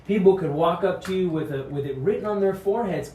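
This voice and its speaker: A man's voice: sits high, fast, dark tone, slight background noise. A man giving an earnest devotional sermon that urges courage and repeats key phrases, recorded off-mic in a room. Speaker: pastor. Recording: echoey room, mic at a distance.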